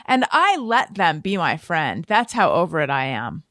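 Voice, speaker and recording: Woman podcast host, lively storyteller, self-mocking, dry close sound. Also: low voice, normal speed, dry recording. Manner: self-deprecating, animated storytelling. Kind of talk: casual chat.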